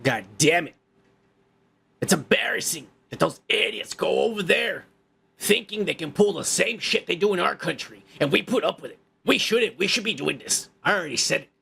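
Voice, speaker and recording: A man's voice: high voice, expressive, normal speed, gravelly, sharp tone, breathy edge. A male podcast host ranting in crude, heated commentary, swearing and repeating himself.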